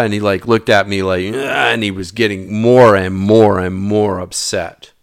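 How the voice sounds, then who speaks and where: A man's voice: on the low side, moderate pace, creaky, few pauses, no room sound, clean studio sound. A man telling a personal story in a casual way, acting out the dialogue and dropping to a mutter at times. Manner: animated, acts out dialogue, drops to mutters.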